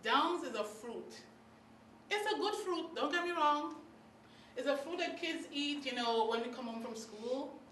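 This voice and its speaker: A woman with a Guyanese accent telling a childhood story live to an audience, lively and acting out the scenes. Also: high-pitched, measured pace, slight background noise. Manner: animated, acts out scenes, laughs. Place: hall at a story circle. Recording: roomy hall, mic far off.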